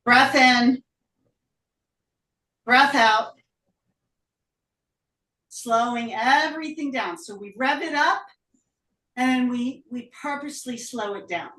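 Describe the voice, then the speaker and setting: A woman teaching a live yoga class, out of breath, calling breath and pose cues with brisk energy. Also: fairly high pitch, sharp tone. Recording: roomy echo, voice from a distance.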